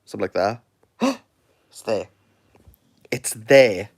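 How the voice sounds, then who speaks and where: Jokey Welsh man with a lively voice. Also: lowish voice, slow, a little hiss or hum. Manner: rambling, jokey, playfully sarcastic. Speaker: book reviewer. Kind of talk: casual livestream chat. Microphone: phone.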